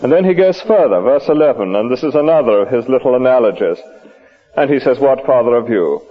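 A man with a medium-pitched, slightly breathy voice preaches a sermon at a lunch hour church service, firing one question after another at his listeners. His delivery is lively and questioning, sprinkled with rhetorical asides. The old recording sounds dull and lo-fi.

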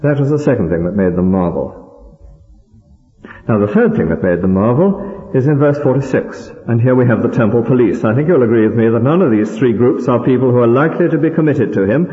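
Older preacher in echoey hall. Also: male voice, medium pitch, animated, brisk, faint music behind. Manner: conversational, with rhetorical tag questions. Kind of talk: sermon. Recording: dull, echoey hall recording.

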